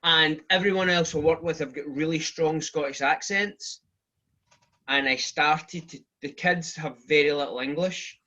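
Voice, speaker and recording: A man on a video call talks unhurriedly about teaching kids to snowboard. His voice sits a little high for a man. He keeps it light and self-mocking. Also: a little slow, pushed and bright, lo-fi sound. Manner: self-deprecating, joking about how he talks. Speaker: snowboard instructor. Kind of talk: casual chat on a video call.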